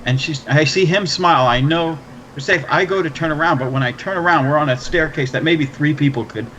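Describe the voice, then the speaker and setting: A man telling a long story in casual, profane chat, animated and swearing freely. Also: fairly high pitch, fairly quick. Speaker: podcast host. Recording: slightly dull, faint background noise.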